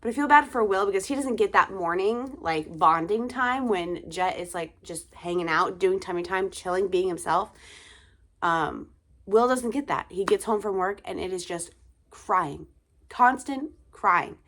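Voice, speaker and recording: Chatty, tired young mom rambling. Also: female voice, medium pitch, lively intonation, a little slow, fairly bright tone. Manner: rambling, chatty, lots of fillers and sighs. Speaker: vlogger, mother of two. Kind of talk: casual chat to camera.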